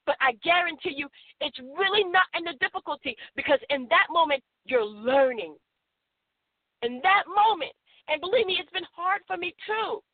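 A high-pitched woman hosting a motivational radio show, pressing her points with emphatic repeated affirmations. Her voice comes through a narrow, phone-like band with a dry, close sound. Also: expressive, normal speed, no room sound. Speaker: radio host.

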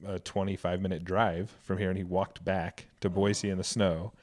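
A man's voice: deep voice, level tone, normal speed, darkish tone. A man chatting candidly on a podcast, earnest and swearing freely as he tells a personal story. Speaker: podcast co-host. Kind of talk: casual podcast chat. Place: Boise, Idaho.

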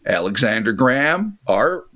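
A man's voice: mid-range voice, unhurried. A man hosting a podcast, mixing casual chat with reading a story aloud and swearing freely. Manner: animated, laughing, swears freely. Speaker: podcast host.

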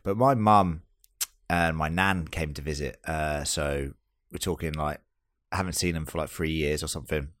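A man's voice: extremely low pitch, moderate pace, fairly bright tone, no room sound, clean studio sound. A man co-hosting a casual film podcast, swearing and joking through loose banter. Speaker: podcast co-host.

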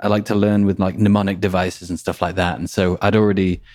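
Low-voiced male guest, chatty and rambling, close dry sound. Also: little pitch movement, fast talker, a little mellow, no room sound. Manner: rambling, fills with "right?" and "you know". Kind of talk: casual conversational interview.

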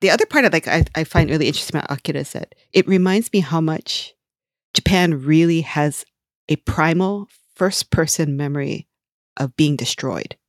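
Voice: medium pitch, normal speed, no echo, studio quality. Podcast co-host, mid-range voice, earnest and reflective. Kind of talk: casual chat about comics.

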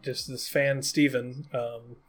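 A man's voice: medium pitch, level tone, takes it slowly, over music. A man co-hosting a podcast, chatting casually about a film, laughing often and restarting his sentences. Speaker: podcast co-host. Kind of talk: casual film review chat.

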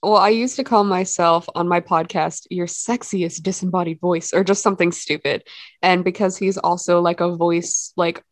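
A podcast host on a video call, with a fairly low voice. She is bubbly and giggly, and the sound is dry and close. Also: steady tone, normal speed, no room sound. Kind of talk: casual video call chat.

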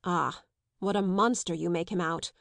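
A woman reading as an eager, anxious young gentleman. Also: on the low side, normal speed, creaky, dry recording. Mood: pleading. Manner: pleading, defiant, slightly raised voice. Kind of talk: audiobook character reading.

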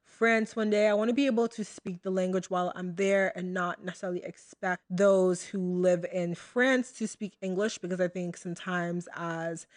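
A woman's voice: fairly low pitch, fairly even intonation, moderate pace, hardly any pauses. A young American woman hosting her own podcast, talking casually and chattily to her listeners with lots of fillers and asides. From United States. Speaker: podcast host. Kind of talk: casual solo podcast talk.

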